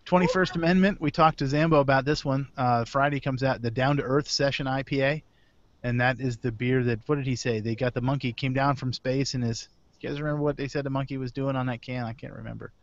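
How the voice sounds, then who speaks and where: A fast-talking man with a steady, mid-range voice runs a casual beer podcast via video call, rambling through news of new releases. He keeps correcting himself and chuckles between items. The recording is dry, with the highs cut off.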